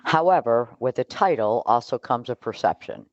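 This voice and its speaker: A man hosting a podcast in a casual political discussion, speaking in a measured, considered way with some hesitations. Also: mid-range voice, animated, no echo. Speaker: podcast host. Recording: dry, dull lo-fi sound.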